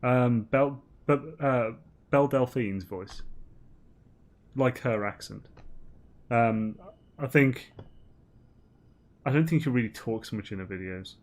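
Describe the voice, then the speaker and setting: A man's voice: medium pitch, takes it slowly, pauses often. A man streaming a game, chatting in a rambling, giggly way full of ums and restarts. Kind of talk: casual gaming banter.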